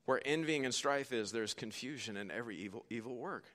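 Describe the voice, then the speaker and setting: A man's voice: medium pitch, fairly quick, a bit bright. A male pastor preaching a sermon in a folksy, joking, emphatic way.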